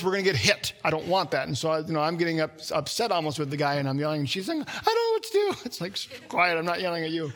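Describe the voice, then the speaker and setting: A man preaching a sermon in an animated, conversational way, often acting out quoted voices and restarting phrases. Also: a little high. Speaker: pastor.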